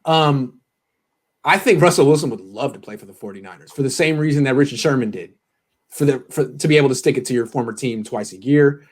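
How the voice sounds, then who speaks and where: A man's voice: mid-range voice, brisk. A man hosting a casual sports podcast, rambling and restarting his thoughts. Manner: loose, rambling, restarts a lot. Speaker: host.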